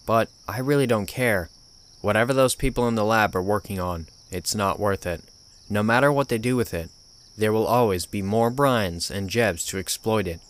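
A man narrating a horror story in a measured, grim storytelling manner. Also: fairly low pitch, fairly bright tone. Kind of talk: scripted narration.

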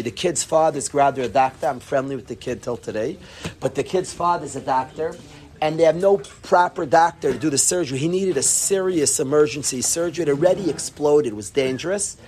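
A man telling a humorous personal anecdote to a group, animated and self-deprecating. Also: a little high. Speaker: storyteller.

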